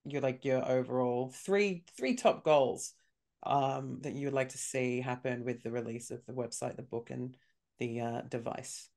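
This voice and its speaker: Interview host, man, middling pitch, friendly and sympathetic questioner. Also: a little slow, vocal fry, darkish tone. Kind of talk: casual interview chat.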